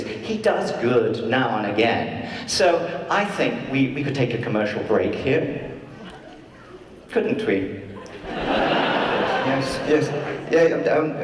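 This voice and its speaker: A man answering audience questions at a live panel, theatrical and teasing, in a large convention hall. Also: medium pitch. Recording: echoey hall, distant mic, faint noise.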